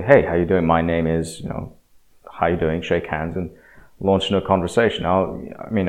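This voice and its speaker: A man with a very deep voice talks through his thoughts in a loose, unscripted way. He hesitates often, circling back with fillers and restarts, and sounds reflective and a little self-deprecating. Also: a little mellow. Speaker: speaker sharing experience. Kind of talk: casual monologue.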